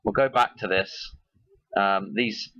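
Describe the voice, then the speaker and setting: A man's voice: fairly low pitch, fairly even intonation, slow, sharp tone, no room sound, muffled recording. A man hosting his own video, talking casually and in a rambling way as he links one idea to the next. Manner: musing, loosely connects ideas. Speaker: video host.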